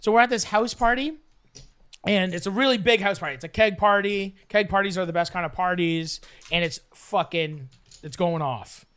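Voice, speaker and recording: A young man from Canada telling a rambling, profane story in casual chat, acting out scenes with loud bursts. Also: sits high, moderate pace, clean tone. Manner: rambling, profane, animated, acts out the scenes with shouts. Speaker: storyteller guest.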